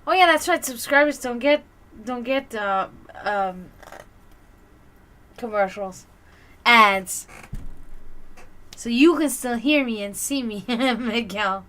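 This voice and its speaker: A woman hosting a livestream, chatting casually with viewers and telling stories in a lively way, acting out the voices of the people in them. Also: fairly high pitch, takes it slowly, pauses often. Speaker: livestream host.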